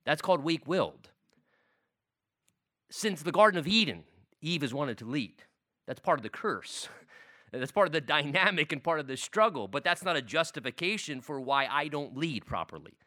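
A man's voice: a little high, lively intonation, normal speed, sharp tone. A middle-aged man teaching a church men's class, speaking emphatically and repeating key lines for stress.

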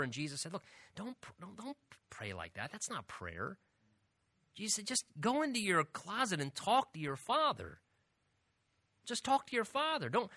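A pastor teaching a sermon verse by verse, earnest and emphatic, moving between soft asides and loud stresses. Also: male voice, fairly high pitch, no room sound, studio quality. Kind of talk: expository sermon.

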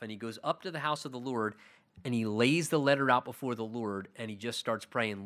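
Emphatic, bright-voiced male preacher. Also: mid-range voice, animated, normal speed. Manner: emphatic, swings between loud declarations and hushed asides; conversational, plain-spoken Bible teaching. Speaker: pastor. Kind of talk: expository sermon.

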